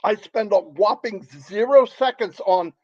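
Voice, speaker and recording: A middle-aged man giving an impassioned motivational talk, emphatic and excitable, often repeating himself. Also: high-pitched, a little slow, muffled recording. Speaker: motivational speaker.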